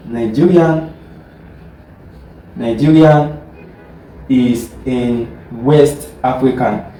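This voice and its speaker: A man's voice: mid-range voice, dark tone, echoey room, far from the mic, a little hiss or hum, poor audio. A male teacher giving a lecture, repeating words and often asking the class whether they follow. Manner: keeps checking "are you getting what I'm trying to say?"; repeats and restarts words while explaining.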